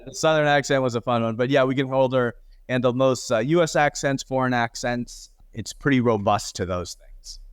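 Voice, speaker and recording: A man's voice: medium pitch, normal speed, hardly any pauses, clear, resonant tone, dry recording, studio quality. A man as a guest on a podcast, explaining his company's tool in an easygoing way with light laughs. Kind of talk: casual podcast interview.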